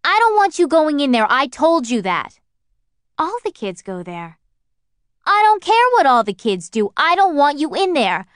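A woman's voice: mid-range voice, lively intonation, moderate pace, smooth, dry recording, studio quality, lightly acted. A woman reading the lines of a strict, weary middle-aged mother who works as a nurse, scolding her daughter. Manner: scolding, sharp and raised.

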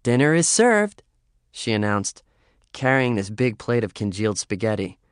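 Low-voiced man reading a story. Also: no room sound, clean studio sound. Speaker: audiobook narrator. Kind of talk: scripted first-person narration.

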